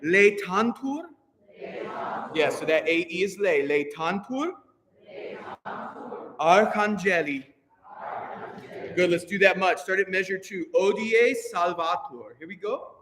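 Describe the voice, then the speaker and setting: A man's voice: high-pitched, unhurried, a bit bright, some chatter behind, a little hiss or hum. A male choir director leading a rehearsal, upbeat and encouraging as he counts the singers in. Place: rehearsal hall. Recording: echoey hall with long reverb.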